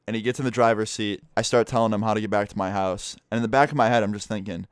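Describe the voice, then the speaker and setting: A man's voice: fairly low pitch, fairly even intonation, rapid-fire, few pauses, no echo, studio quality. A man telling a childhood story in a casual, profane vlog style. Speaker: vlogger.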